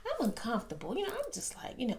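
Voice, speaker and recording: A woman hosting her own vlog, telling a personal story in an expressive, exaggerating way and laughing often. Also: high-pitched, rapid-fire. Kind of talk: animated storytelling.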